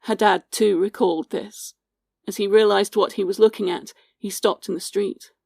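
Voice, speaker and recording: A woman hosting a podcast, giving scripted history narration in a measured, sombre storytelling manner and reading out witness accounts. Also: mid-range voice, steady tone, creaky, a little mellow, dry recording, clean studio sound. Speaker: podcast host.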